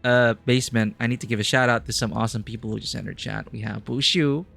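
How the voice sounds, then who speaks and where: A man's voice: fairly low pitch, fast, gravelly, pushed and bright, faint music behind. A man commentating a live game playthrough in a playful, goofy way, reading game text aloud. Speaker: streamer.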